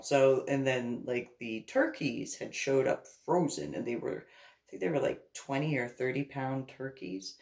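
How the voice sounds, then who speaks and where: A woman's voice: very deep voice, moderate pace, a little mellow. A woman from New Jersey telling a long, rambling story in a casual vlog, laughing often and acting out what she said. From New Jersey, USA. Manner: rambling, laughs often, acts out her own orders. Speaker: vlogger.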